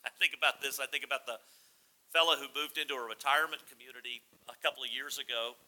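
A man's voice: medium pitch, steady tone, fast, pushed and bright, poor audio. A man in his forties preaching a sermon in a conversational, humorous storytelling manner. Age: 40s. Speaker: pastor.

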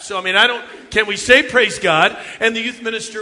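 Bright-voiced man in his fifties. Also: sits high, brisk, few pauses. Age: 50s. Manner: animated storytelling, jokes with the audience. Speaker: youth ministry speaker. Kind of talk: humorous sermon talk. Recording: long hall reverb.

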